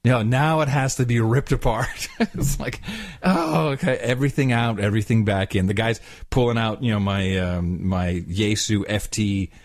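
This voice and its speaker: A man's voice: on the low side, normal speed, dry recording, studio quality. A man co-hosting a podcast, telling a travel story casually and acting out the people he quotes in mocking voices. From Netherlands. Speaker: podcast co-host.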